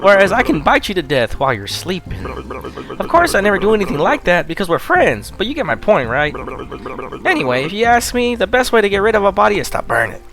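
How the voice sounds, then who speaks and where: A brash male talking skull mocks and bosses the listener in a loud, high voice, as a man puts him on. His tone is cheeky and full of attitude. Faint music runs behind him. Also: very animated, fast. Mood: mocking.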